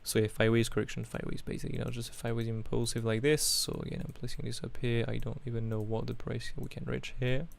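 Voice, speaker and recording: A man's voice: mid-range voice, completely flat delivery, fast, creaky, few pauses. A man with a French accent hosts a live chart analysis, talking casually and thinking aloud, often humming while he works. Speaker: host.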